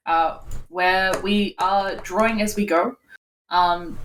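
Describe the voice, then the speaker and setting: A woman's voice: medium pitch, takes it slowly, a little hiss or hum. A woman who plays in a tabletop game, giving the stream intro in a dry, wry, organized way. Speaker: player and stream intro host. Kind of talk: casual chat and show intro.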